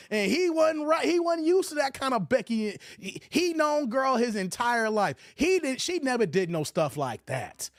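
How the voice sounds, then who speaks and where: A man with a high voice hosts a casual livestream and talks through a movie in an animated, slangy way. He is recorded dry and close on a desk mic. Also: no room sound. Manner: animated, slangy, laughs often. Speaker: livestream host.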